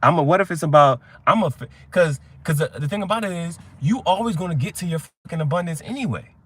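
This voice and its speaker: A man's voice: on the high side, lively intonation, fast talker, a bit bright, slightly rough. A young adult man hosting a tarot reading chat, talking in a rambling, profane way and telling stories with quoted voices. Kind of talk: casual livestream chat.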